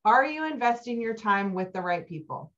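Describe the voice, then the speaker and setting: A middle-aged woman giving a motivational keynote talk, telling stories with animated energy and climbing high when excited. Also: normal speed. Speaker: keynote speaker. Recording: dull lo-fi recording.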